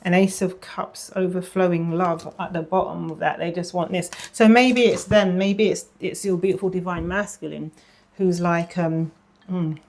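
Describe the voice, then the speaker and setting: A woman giving a casual tarot reading, chatty, often repeating phrases and dropping into a soft murmur. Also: lowish voice, steady tone, normal speed. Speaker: tarot reader.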